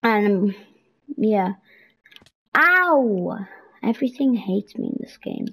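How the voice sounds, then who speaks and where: A young woman giving casual, excitable commentary while playing a video game, pleading with and scolding game characters. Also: mid-range voice, takes it slowly, vocal fry, slightly rough, poor audio. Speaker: gameplay streamer. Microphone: headset or console mic.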